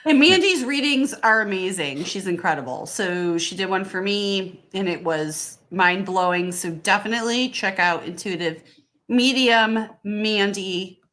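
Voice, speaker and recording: A woman co-host speaks at a middle pitch in easy, warm chat, teasing her co-hosts now and then. She sounds relaxed and familiar. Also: measured pace. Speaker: podcast co-host. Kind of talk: casual chat.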